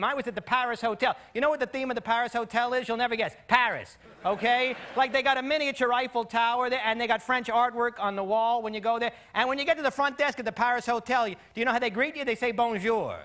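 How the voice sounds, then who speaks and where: A man's voice: very high voice, sharp tone. A man doing a stand-up comedy routine in a dry, conversational way, with rambling asides to the crowd. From United States. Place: comedy club stage. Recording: live club recording with audience noise.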